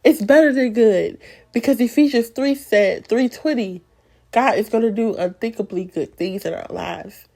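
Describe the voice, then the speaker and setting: A woman's voice: a little high, moderate pace, creaky, a little mellow. A young woman hosting a faith podcast, giving an emotional, encouraging devotional talk with preacher-like repetition. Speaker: podcast host.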